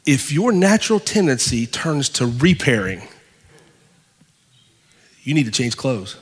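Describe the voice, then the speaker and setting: High-voiced pastor preaching in a hall. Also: male voice, expressive, breathy edge. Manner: preaching with dramatic pauses and swings from loud to hushed. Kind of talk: sermon.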